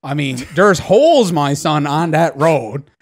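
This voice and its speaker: A young man with a broad Newfoundland and Labrador accent spins a yarn in casual podcast chat. His voice sits a touch high, and he keeps breaking into laughs as he swears his way through the story. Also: lively intonation, unhurried. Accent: Newfoundland and Labrador English. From Labrador, Canada. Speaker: podcast co-host.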